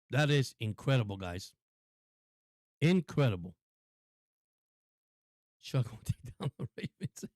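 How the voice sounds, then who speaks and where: A man calling a football game play-by-play for a live stream in a casual, excitable, chatty way. His voice is mid-pitched and dry, close to the mic. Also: no room sound. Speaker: sports stream host.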